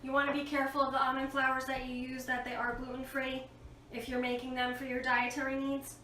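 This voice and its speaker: A woman's voice: sits high, completely flat delivery, brisk, sharp tone, slight background noise. A woman in her thirties hosting a casual cooking demonstration in her home kitchen, chatting to viewers and coaching her kids as she cooks. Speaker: host of a home cooking show, mother. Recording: echoey kitchen, far from the mic, clattering dishes. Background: clinking cutlery and dishes.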